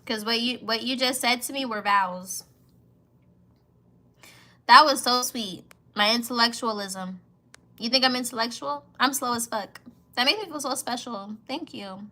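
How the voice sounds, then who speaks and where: Young woman vlogger, 20s, bright and slightly high voice, playful slangy chat, laughs often. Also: measured pace. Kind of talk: casual chat reacting to comments.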